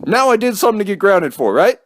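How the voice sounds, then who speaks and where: A man's voice: high-pitched, sing-song, fast, no room sound, studio quality, pitched above the performer's own voice. A man voicing his own thirteen-year-old self, indignantly talking back to a parent. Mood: defiant. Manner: indignant, mouthy. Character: bratty angry teenage boy talking back.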